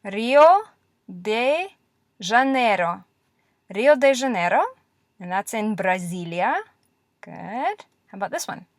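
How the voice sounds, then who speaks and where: A woman teaching Russian letters in a classroom-style lesson, patient and encouraging, repeating words slowly. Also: mid-range voice, animated, no echo, studio quality.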